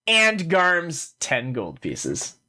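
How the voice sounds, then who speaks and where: A man's voice: a little high, wildly swooping pitch, drawn-out words, pushed and bright. A man narrating as game master of a tabletop game, casual and full of fillers.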